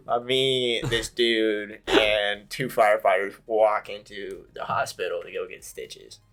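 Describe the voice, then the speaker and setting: A man's voice: lowish voice, fairly even intonation, slow, a bit bright, soft background music. A man in his twenties telling a long story as a podcast guest, rambling and laughing along. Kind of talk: casual storytelling.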